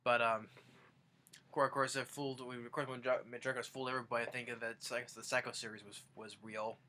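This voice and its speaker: Rambling young man with a bright voice. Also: mid-range voice, little pitch movement, quick pace, a little hiss or hum. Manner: rambling, restarts sentences often. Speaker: fan vlogger. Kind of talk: casual countdown retelling.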